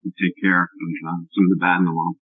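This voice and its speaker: A man, an actor guest, answering interview questions haltingly with many fillers over a remote call. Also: low voice, level tone, dry recording. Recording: tinny phone-like line.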